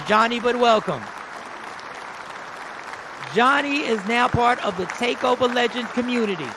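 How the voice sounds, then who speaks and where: A man's voice: very high-pitched, normal speed, vocal fry, a crowd in the background, noisy background. A man hosting a casual livestream, talking animatedly to viewers and greeting them by name, repeating himself often. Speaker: livestream host.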